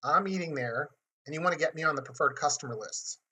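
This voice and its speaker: A man teaching a marketing webinar in a bright, forward tone with a husky edge. He talks in a chatty, conversational way and likes to act out short scenes for his listeners. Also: on the high side, quick pace. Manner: chatty, acts out dialogue. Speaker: webinar host.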